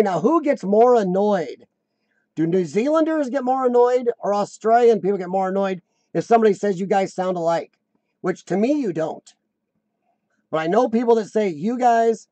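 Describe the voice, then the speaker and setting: Man, American, high voice, mellow tone, dry close sound, rambling casual live-stream chat. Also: lively intonation, moderate pace, no echo, highs cut off. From United States. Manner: rambling, chatty, joking.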